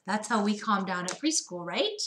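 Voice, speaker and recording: A woman reading picture books aloud to young children, gentle and sing-song, pausing to ask them questions. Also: mid-range voice, expressive, echoey room, a little hiss or hum.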